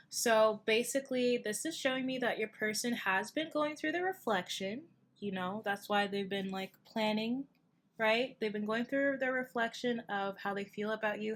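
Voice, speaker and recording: A young woman talks through a tarot reading in a casual, rambling way, full of fillers and asides. She sounds tired and keeps things loose and friendly. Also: medium pitch. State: tired, yawning. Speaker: tarot reader.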